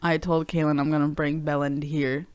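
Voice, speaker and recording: A woman's voice: deep voice, flat delivery, moderate pace, a little mellow, clean tone, dry recording. An American woman co-hosting a podcast, chatting casually, laid-back and giggly, swearing freely. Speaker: podcast co-host. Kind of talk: casual chat.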